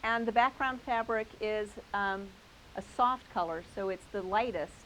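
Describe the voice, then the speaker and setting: A woman's voice: mid-range voice, measured pace, fairly bright tone, poor audio. Enthusiastic woman hosting a quilting class. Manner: enthusiastic, praising each quilt. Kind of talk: live quilt show-and-tell with a group. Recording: faint hiss.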